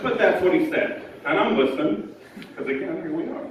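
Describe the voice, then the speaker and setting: A man doing a stand-up set in a live comedy club, telling a story deadpan with acted-out quotes. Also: high-pitched, a little fast, crowd noise, background noise. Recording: echoey club from far off, dull.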